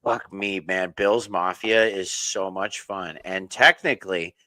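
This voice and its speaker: A man's voice: sits low, fairly even intonation, a little slow, pushed and bright, no echo, poor audio. A man chatting as a guest on a casual podcast over a remote call, joking sardonically and swearing freely. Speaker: podcast guest, political activist.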